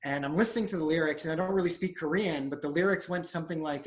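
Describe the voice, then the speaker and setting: A man's voice: fairly high pitch, quick pace, few pauses. A man doing a stand-up comedy set over a video call, with a casual, rambling, self-mocking delivery.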